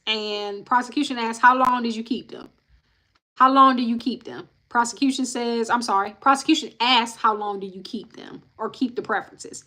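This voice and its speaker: Bright-voiced woman recapping court testimony live. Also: on the high side. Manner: reads quotes plainly, breaks off with sighs and blunt asides to viewers. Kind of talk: casual live-stream recap, reading quotes aloud. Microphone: live-stream mic.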